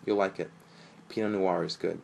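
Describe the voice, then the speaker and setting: A man's voice: sits low, fairly even intonation, normal speed, vocal fry, a little mellow, a little hiss or hum. A man reading aloud, voicing a sweet, teasing young woman with a Persian accent in a spoken story. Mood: matter-of-fact. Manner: matter-of-fact, teasing. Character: sweet young woman girlfriend, coy, traditional.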